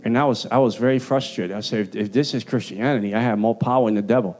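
A man's voice: quick pace, a little mellow. A man with a Puerto Rican accent preaching an emphatic, streetwise sermon with an altar call. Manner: emphatic, streetwise, jumps in pitch for punchlines. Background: guitar music.

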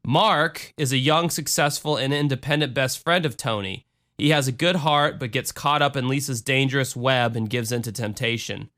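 A man hosting a podcast, talking in a dry, sarcastic deadpan with rambling restarts. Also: mid-range voice, moderate pace. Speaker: podcast host. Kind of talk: casual podcast monologue.

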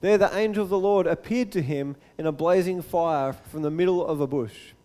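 A man preaching a sermon as a pastor, telling the story in a lively way and acting out the scenes. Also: fairly high pitch, normal speed, in a large hall. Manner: animated storytelling, acts out the scene.

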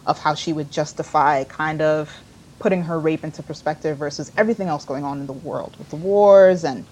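A woman's voice: low voice, brisk, slight background noise. A woman in a casual podcast chat, steadily recapping a show scene by scene. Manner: detailed, steady plot recap.

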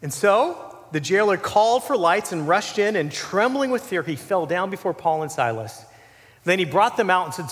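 A man preaching with a high, lively voice that swings up and down as he talks. He keeps it conversational and animated, tossing in asides as he goes. His words ring out with a long reverb, as in a big church hall. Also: normal speed. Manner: animated, conversational, with asides and filler "you know". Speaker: pastor. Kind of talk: sermon.

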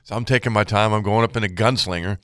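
A middle-aged man with a drawl tells a hunting story in relaxed chat, acting out the shots and the voices as he goes. His voice sits low, and the sound is dry and close. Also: quick pace, no echo. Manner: animated storytelling, acts out quotes and sounds.

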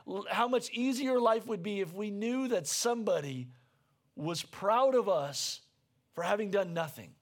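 A man preaching a sermon as pastor, earnest and conversational, repeating himself as he searches for words and rising near a shout when stirred. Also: high-pitched, vocal fry.

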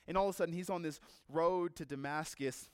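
Guy pastor preaching, high voice, really animated storytelling, acts out the people in the story. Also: fairly quick, smooth, no echo, clean studio sound. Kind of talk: sermon.

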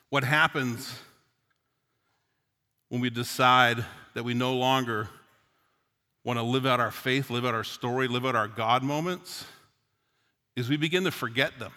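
A man's voice: mid-range voice, steady tone, measured pace, long pauses, pushed and bright. A middle-aged male pastor from Newfoundland preaching a sermon, earnest and mixing in personal stories. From Newfoundland, Canada. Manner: earnest preaching, storytelling asides. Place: church sanctuary. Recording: long hall reverb.

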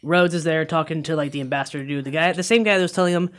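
A man in casual chat, excitedly retelling scenes in a rambling way and briefly acting out the characters' lines. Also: a little high. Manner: excited, rambling retelling with quick acted-out quotes. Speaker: co-host recapping a film trailer.

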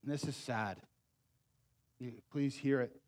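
This man, a pastor, delivers his sermon a little slowly, pleading and emphatic. Loud, urgent stretches alternate with hushed, low asides.

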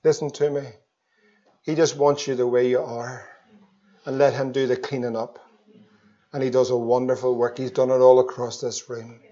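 A man preaching an evangelistic sermon, swinging between loud pleas and hushed tones. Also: mid-range voice, level tone, normal speed, long pauses. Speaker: pastor. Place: church. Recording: dull lo-fi sermon recording.

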